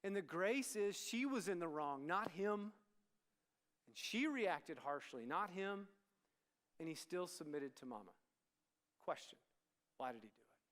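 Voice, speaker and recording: A man delivering a conversational sermon to students, his voice sitting high for a man. He acts out the dialogue of the people in the story as he goes. Long reverb from a large hall trails after his words. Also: expressive, measured pace, long pauses, fairly bright tone. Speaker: student ministry speaker.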